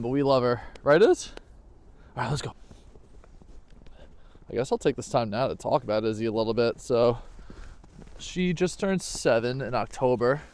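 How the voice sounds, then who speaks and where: A man's voice: mid-range voice, darkish tone. A man, chatting casually to his dog and viewers as he records a walking vlog outdoors on an action camera. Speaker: vlogger hiking with his dog. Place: outdoors in a snowy park.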